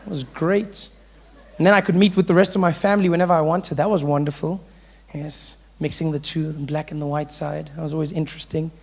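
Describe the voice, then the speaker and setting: A man tells stand-up stories in an animated, lively way, often slipping into character voices. His voice sits high for a man, and a faint hum of ambience lies under the stage mic. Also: a little fast, gravelly. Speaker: stand-up comedian. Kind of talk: stand-up storytelling. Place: live comedy stage.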